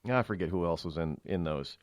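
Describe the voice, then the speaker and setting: A man's voice: low voice, fairly quick, no echo. A man hosting a talk radio show, delivering a rambling, opinionated monologue into a studio microphone.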